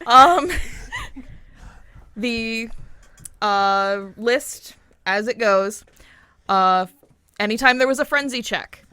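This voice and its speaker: Lady from a tabletop podcast laughing through a list, lots of ums, bright and a bit high. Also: very slow, long pauses, clear, resonant tone, no echo. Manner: giggly, reads a list with many ums and uhs. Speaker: tabletop game podcast cast member. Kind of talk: casual laughing chat between players.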